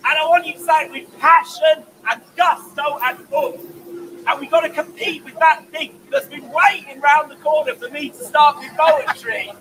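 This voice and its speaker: A man performing as a poet on a city street, playful and exuberant, often shouting to draw the crowd into call-and-response. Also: very high voice, moderate pace. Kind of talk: street performance poetry with audience participation. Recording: distant mic, crowd and street noise.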